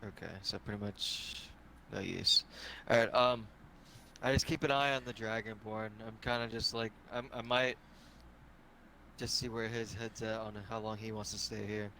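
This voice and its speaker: A man's voice: on the low side, fairly even intonation, moderate pace, creaky, pushed and bright, slight background noise. A man playing in a tabletop game, asking questions tentatively and rephrasing as he goes. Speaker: player.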